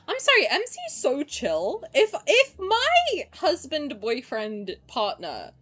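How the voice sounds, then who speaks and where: A young woman streamer excitedly commenting on a game playthrough, swearing and laughing often. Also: sits high, slow pace.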